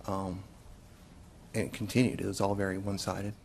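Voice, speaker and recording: A man, a police investigator, giving courtroom testimony in a measured way, with frequent hesitant pauses. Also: sits low, little pitch movement, creaky, darkish tone, slight background noise.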